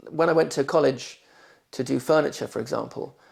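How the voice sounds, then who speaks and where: A man in his forties speaks with a posh southern English accent and a faint gravelly rasp. He pronounces every word with deliberate clarity, whether reading test sentences or answering interview questions. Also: medium pitch, darkish tone. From London, England. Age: 40s. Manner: careful, clearly pronounced speech.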